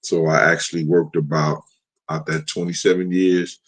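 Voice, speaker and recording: A man's voice: extremely low pitch, little pitch movement, normal speed. Laughing New York man telling stories. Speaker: show host. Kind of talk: casual live-stream chat.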